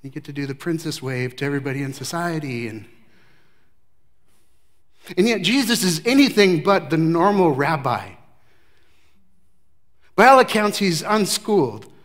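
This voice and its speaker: Man, pastor, expository sermon, emphatic delivery, loud and soft swings, slightly high voice. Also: lively intonation, moderate pace, pauses often. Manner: emphatic, varies loudness widely, drops to hushed tones.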